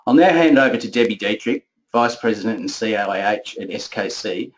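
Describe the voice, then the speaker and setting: A man's voice: on the low side, animated, a little fast, slight background noise, rough recording. A man hosting a webinar, giving a polite and formal introduction of the speaker. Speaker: webinar host.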